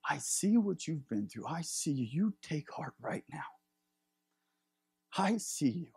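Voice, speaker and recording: A man voicing a tender male teacher who gently reassures someone. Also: on the high side, big pitch swings, moderate pace, vocal fry, husky, no echo, heavily acted.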